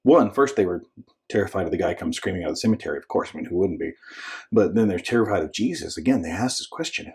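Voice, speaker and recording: Husky-voiced minister telling a story. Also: male voice, low-pitched, animated, quick pace. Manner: conversational storytelling, acts out voices with sudden shouts and whispers; frequent restarts and filler asides. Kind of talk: informal short devotional talk.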